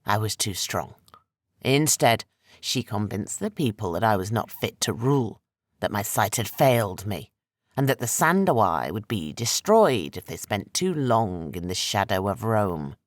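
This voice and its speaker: A man voicing an ancient, menacing sorcerer with slow, heavy, rasping speech for an audiobook. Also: lowish voice, big pitch swings, no echo, studio quality.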